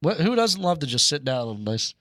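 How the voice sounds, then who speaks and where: A man's voice: fairly high pitch, sing-song, a little fast, pushed and bright, no room sound, studio quality. A man co-hosting a sports talk show, joking around in casual, playful banter.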